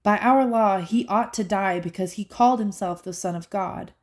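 An angry group of religious leaders, read by a woman in a medium-pitched voice. They demand loudly and insistently, raising their voices. The tone is hostile. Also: moderate pace, close to an everyday voice. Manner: insistent, shouting.

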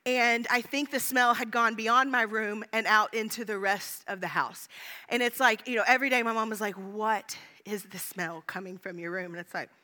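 High bright-voiced woman pastor. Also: fairly quick. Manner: chatty, self-mocking, lots of fillers and acted-out quotes. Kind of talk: sermon with personal stories.

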